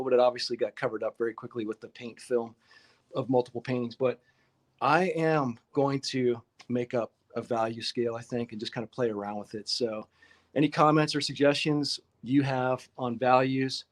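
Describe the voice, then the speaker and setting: A man hosting a casual live-stream painting lesson, chatty and upbeat, greeting viewers in the chat by name. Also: mid-range voice.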